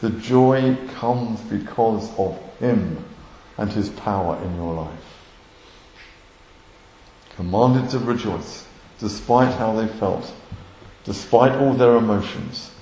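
A man's voice: on the low side, takes it slowly, pauses often, dark tone, slight background noise. A man preaching a sermon with impassioned delivery, rising to emphatic peaks. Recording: echoey room.

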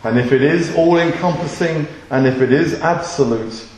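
Emphatic preacher in an echoey room. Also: male voice, on the high side, normal speed, darkish tone, slight background noise. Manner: questioning, emphatic, rhetorical. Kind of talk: sermon.

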